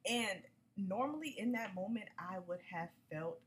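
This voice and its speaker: A woman's voice: mid-range voice, expressive, moderate pace, slight background noise, poor audio. A woman hosting a casual solo podcast, chatty and upbeat, using slang and talking straight to her listeners. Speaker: podcast host.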